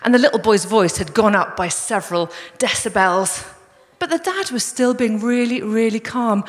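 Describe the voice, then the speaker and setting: A woman's voice: on the high side, lively intonation, moderate pace. A woman preaching a sermon in a conversational, storytelling way. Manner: conversational, storytelling, addresses the congregation as guys. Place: large church hall. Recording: long reverb of a church hall.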